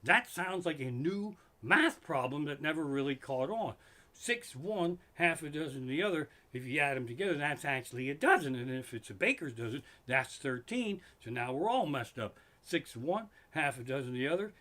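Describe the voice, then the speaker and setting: A man's voice: on the high side, expressive, moderate pace, bright, forceful tone. A middle-aged man, a stand-up comedian, doing an exasperated, profane comedy rant live from his living room. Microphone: microphone in front of him.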